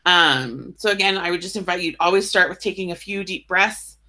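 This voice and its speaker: A woman leading a guided EFT tapping session, explaining in a casual way and then slowly speaking affirmations for the listener to repeat. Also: fairly low pitch. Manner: gentle, instructive, slows for affirmations; casual, uses "right?" and "like" often.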